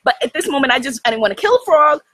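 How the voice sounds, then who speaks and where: Bright, lively New woman storyteller. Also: high-pitched, racing, no room sound, low-quality recording. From United States. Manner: animated, laughing often, talks to viewers directly. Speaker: host of a spiritual livestream. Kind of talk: casual storytelling livestream. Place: outdoors in the jungle.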